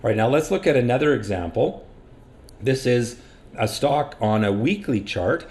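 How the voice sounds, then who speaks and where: A man of medium pitch talks through trading charts like a patient instructor, steady and matter-of-fact. His delivery is practical and unhurried, the voice of a regular educator walking viewers through a method on screen. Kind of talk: screen-share market lesson.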